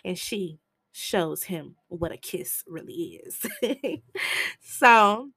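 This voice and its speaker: A woman's voice: fairly low pitch, very slow, vocal fry, husky, no room sound. A woman tells a film's story in a loose, slangy and blunt way, jumping into the characters' voices as she goes. She sits close to the mic in a dry, deadened space. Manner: animated, slangy, acts out quoted lines; blunt and profane. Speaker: film recap vlogger. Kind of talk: casual movie recap storytelling.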